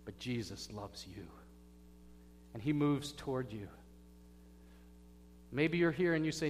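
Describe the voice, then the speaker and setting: Pastor preaching in an echoey church. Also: male voice, mid-range voice, lively intonation, a little slow, pauses often. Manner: dramatic storytelling, swings from hushed to loud. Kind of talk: sermon. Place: church sanctuary. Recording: echoey hall with faint hum.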